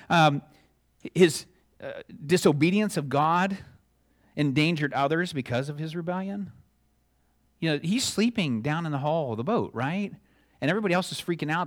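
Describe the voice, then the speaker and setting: Middle-aged male pastor, relaxed conversational sermon delivery with playful acted-out exchanges. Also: a little high, a little fast. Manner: conversational, chuckling asides, acts out dialogue.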